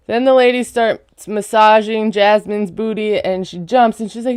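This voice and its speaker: A woman's voice: medium pitch, steady tone, moderate pace, a little mellow, clean tone, no echo, studio quality. A woman giving a casual, chatty recap of a reality show, full of sarcastic asides.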